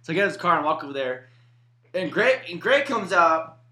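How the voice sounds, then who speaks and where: A man's voice: on the high side, big pitch swings, a little fast, pushed and bright. A young man telling crude, laughing anecdotes in casual chat with friends. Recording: echoey room.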